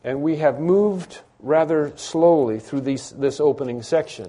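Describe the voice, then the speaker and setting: A man's voice: a little high, unhurried, few pauses, warm tone. A man preaching a sermon, who acts out the cries and pleas of the people he quotes with rising intensity. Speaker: pastor.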